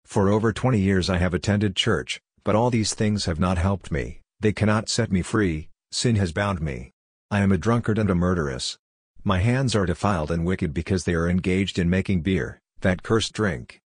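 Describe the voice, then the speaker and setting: A despairing middle-aged queen cries out for deliverance, as a man reads her part. The voice is very deep and husky, with a dry, close sound. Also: normal speed, no room sound. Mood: pleading. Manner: pleading, anguished reading. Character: distraught middle-aged woman, a chief's wife begging for deliverance.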